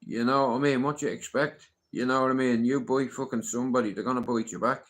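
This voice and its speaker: A man's voice: mid-range voice, fairly even intonation, fast talker, fairly bright tone. A middle-aged man ranting casually on a livestream, swearing often and asking "you know what I mean?".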